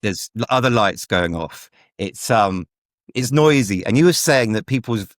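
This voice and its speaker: A man's voice: lowish voice, expressive, unhurried, no echo, clean studio sound. A man in his forties hosting a casual interview podcast, chatty and rambling with lots of asides. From England. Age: 40s. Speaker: podcast host.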